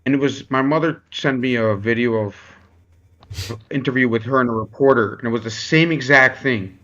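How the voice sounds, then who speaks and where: A man chatting casually as a guest on a call, relaxed and hesitant, with fillers. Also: mid-range voice, moderate pace, lo-fi sound. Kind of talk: casual chat.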